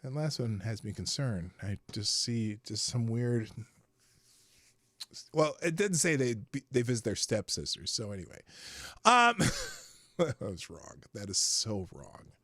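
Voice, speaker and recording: A man's voice: medium pitch, sing-song, a little slow, a bit bright, no echo. A man hosting a live morning news show, talking casually and rambling off the cuff, with the odd swear. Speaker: host.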